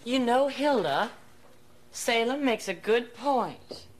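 A level-headed, patient aunt. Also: female voice, on the high side, expressive, slow pace, a faint crowd. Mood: earnest. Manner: composed, sensible, patient. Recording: studio audience laughter and noise.

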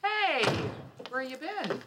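A woman's voice: high-pitched, big pitch swings, takes it slowly, heavy background noise, heavily acted. An actress playing a middle-aged grandmother who needles her daughter with dry, cutting sarcasm. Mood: needling. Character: sharp-tongued, scolding grandmother. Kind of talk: sitcom acting.

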